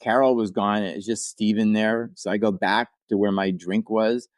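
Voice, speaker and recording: Older man, low dry storyteller voice. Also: fairly even intonation, moderate pace, no room sound. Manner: rambling storyteller with restarts and asides; acts out quoted people in livelier voices. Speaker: podcast guest, actor and writer. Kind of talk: casual anecdote-telling.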